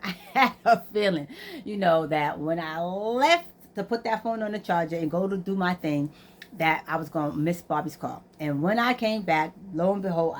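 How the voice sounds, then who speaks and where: A woman, casually telling a story to her vlog audience and acting out both sides of the conversations. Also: fairly low pitch. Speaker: vlogger.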